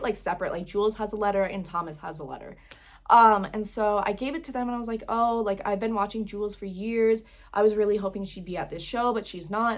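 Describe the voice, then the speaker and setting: A young woman telling a concert story in a casual vlog, gushing and rambling with lots of fillers, sometimes close to tears. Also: medium pitch. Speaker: vlogger.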